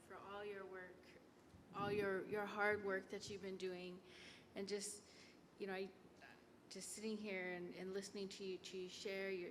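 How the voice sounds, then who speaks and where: A woman offers quiet, emotional thanks on behalf of a center, repeating words as she searches for them. Her voice stays flat in pitch. It rings through a large hall over faint room noise. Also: moderate pace. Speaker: representative presenting gifts. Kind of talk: heartfelt public remarks. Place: lecture hall.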